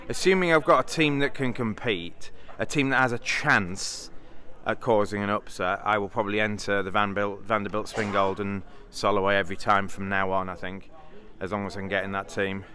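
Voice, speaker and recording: A man's voice: on the low side, fairly even intonation, moderate pace, few pauses, bright, forceful tone. A British man chatting casually in a vlog, rambling and thinking aloud with fillers and restarts. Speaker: vlogger, bridge player.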